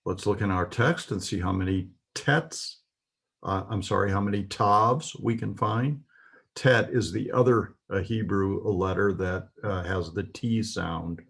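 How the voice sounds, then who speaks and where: A man with a husky voice teaching a lesson, reading words slowly and carefully with some pauses. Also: low voice. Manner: spells out words carefully, pausing with "uh". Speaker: Hebrew teacher. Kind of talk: slow, deliberate lesson.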